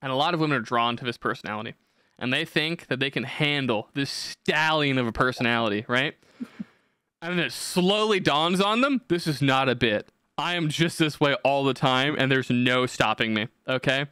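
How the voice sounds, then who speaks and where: A man's voice: mid-range voice, moderate pace, bright, forceful tone, smooth, no room sound, studio quality. A young man hosting a podcast, telling crude, profane comic stories in a brash, rambling way. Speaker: podcast host. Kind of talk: crude comedic rant.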